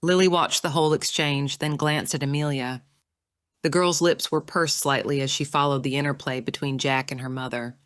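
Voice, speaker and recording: Low, smooth-voiced woman narrator. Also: no echo, studio quality. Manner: measured, even storytelling. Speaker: audiobook narrator. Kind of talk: scripted narration.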